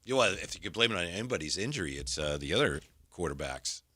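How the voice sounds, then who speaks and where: A man co-hosts a sports radio show in a relaxed, jokey way and often trails off into quiet asides. His voice sits low but sounds bright, and its pitch swings freely. The sound is close and dry. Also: fast talker, husky, no room sound. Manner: laid-back, drops to low mumbles, jokey asides. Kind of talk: casual sports talk.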